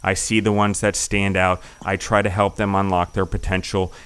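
Middle-aged male podcast host, deep and resonant, enthusiastic and rambling, voice wearing thin. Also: little pitch movement, normal speed, fairly bright tone, clear, resonant tone. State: losing his voice. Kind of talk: casual interview chat.

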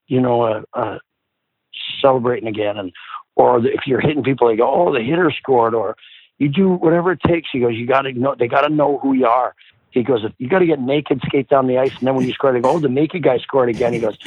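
A middle-aged former hockey player, his voice medium-pitched and a little fast, tells stories casually as a guest. He swears freely, stays animated, and acts out the people he quotes, all over a dry, phone-like line.

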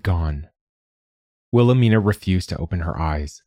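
A man narrating a novel in a measured, unhurried storytelling manner. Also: low-pitched, dry recording, lo-fi sound. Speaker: audiobook narrator. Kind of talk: scripted narration.

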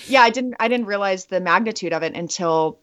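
A woman's voice: medium pitch, brisk, a bit bright. A woman guest in a casual interview, chatty and bubbly, laughing often as she tells stories. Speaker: actress and veteran guest. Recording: muffled lo-fi audio.

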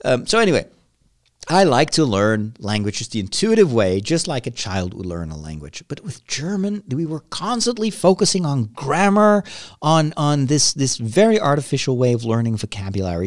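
Brief: Dutch male podcaster, American-tinged English, very lively pitch, dry close sound, rambling and emphatic. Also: normal speed, no room sound. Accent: American-influenced English. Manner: animated, rambling, with restarts and dramatic emphasis. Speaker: podcast host. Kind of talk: casual solo podcast monologue.

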